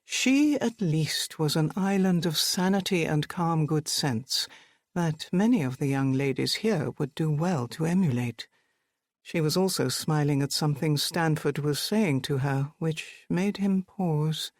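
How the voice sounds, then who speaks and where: Brief: even, measured storybook narration, mid-pitched, dry and close. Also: dry recording. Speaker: audiobook narrator. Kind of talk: scripted narration.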